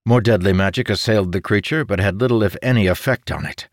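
A man narrating a fantasy adventure audiobook with a steady, measured delivery. his voice sits low, and the recording is close and dry, with no room sound. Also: no echo.

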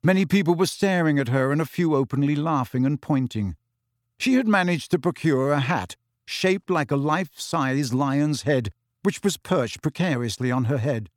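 Male storybook narrator, measured delivery, dry close sound. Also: on the high side, lively intonation, no echo. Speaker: audiobook narrator. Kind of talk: scripted narration.

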